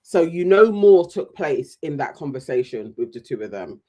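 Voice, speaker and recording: Animated man recapping reality TV. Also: fairly high pitch, moderate pace. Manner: animated, mimics voices when retelling scenes. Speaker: podcast co-host. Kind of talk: casual reality TV recap chat.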